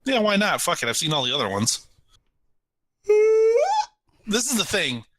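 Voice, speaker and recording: A young man co-hosting a podcast, animated and laughing often in casual chat. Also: fairly high pitch, normal speed, slight background noise, low-quality recording. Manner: animated, laughs a lot, jumps into mock voices. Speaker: podcast co-host.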